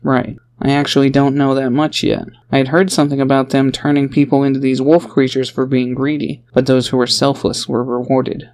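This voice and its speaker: A man's voice: medium pitch, little pitch movement, brisk, few pauses, darkish tone, close to an everyday voice. A man narrating an audiobook, voicing a tired father who is loving but defensive. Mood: explaining. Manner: earnest, defensive and tender.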